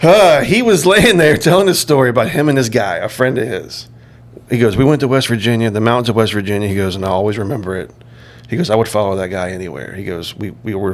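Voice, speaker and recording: A man's voice: on the low side, fast talker. A man hosting a podcast, telling a crude story in casual chat and laughing a lot. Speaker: podcast host.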